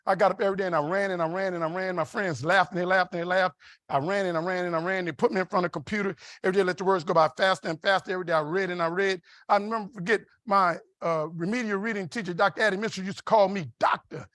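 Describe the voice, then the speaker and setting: A man with a New Orleans accent delivering an after-dinner keynote, his voice high for a man and full of rhythm as he repeats phrases for effect. He storytells with a preacher-like drive and a laugh never far off. The sound is close and dry. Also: rapid-fire, no room sound. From New Orleans, USA. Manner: animated, rhythmic and repetitive, with laughs. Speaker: keynote speaker. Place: conference dinner hall.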